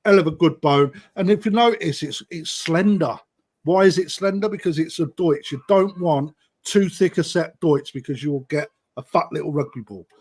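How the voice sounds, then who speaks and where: This middle-aged British man has a fairly high, slightly mellow voice and talks at a moderate pace. Hosting a koi auction streamed live, he keeps up friendly, matey chatter with viewers and announces bids and remaining time.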